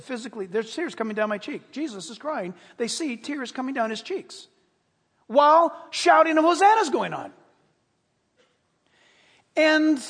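A man preaching a sermon as pastor, dramatic and animated, swinging between loud bursts and hushed, intimate tones. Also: very high-pitched, husky. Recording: long reverb of a large hall.

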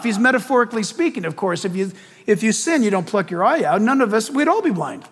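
Male preacher, very high voice, lively swings, long echo of a big hall, joking, asks the crowd questions. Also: fast talker. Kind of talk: sermon.

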